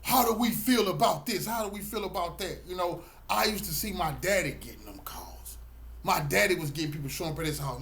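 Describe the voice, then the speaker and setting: A middle-aged man speaks straight to his viewers in a preachy, emphatic flow. His voice sits a little high for a man, and he stacks up repeated words when he's fired up. It's a loose, heartfelt monologue to camera. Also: animated, brisk, creaky, fairly bright tone. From Texas, Galveston County. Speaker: channel host and community activist.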